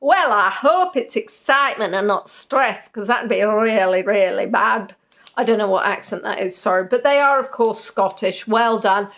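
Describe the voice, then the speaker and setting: A woman's voice: a little high, animated, normal speed, hardly any pauses, fairly bright tone. A woman hosting a live-stream quiz in a casual chat, giggly and jokey with rambling asides. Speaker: quiz host.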